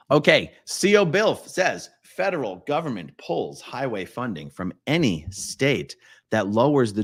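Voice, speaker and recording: A man hosting a casual live stream, his pitch leaping around as he chats and jokes. He reads viewer comments out loud, shifting from loud exclamations to quiet mumbled asides. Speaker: livestream host.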